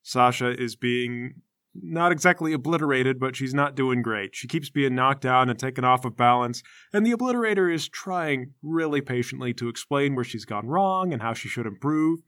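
A man narrating as game master in a tabletop game, relaxed and matter-of-fact. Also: mid-range voice, normal speed, no room sound, clean studio sound.

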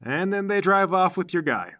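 Man narrating a tabletop game, bright. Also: high voice, normal speed. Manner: lively narration with sound effects. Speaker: game master.

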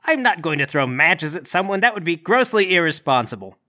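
A man playing a tabletop game, giving quick orders to the other players. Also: fairly high pitch, big pitch swings, pushed and bright.

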